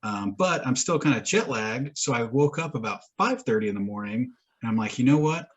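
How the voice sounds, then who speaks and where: A man's voice: medium pitch, lively intonation, normal speed, fairly bright tone, slightly rough. A man co-hosting a podcast, telling a long rambling story in casual chat, swearing and laughing often. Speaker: podcast co-host.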